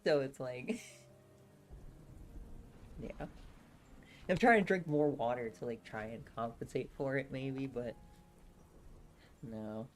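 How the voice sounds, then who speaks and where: A woman with a low voice and a sore throat riffs casually on a live stream. She giggles often and rambles, restarting her sentences as she goes. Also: takes it slowly, pauses often, faint music behind. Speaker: streamer reading a novel aloud.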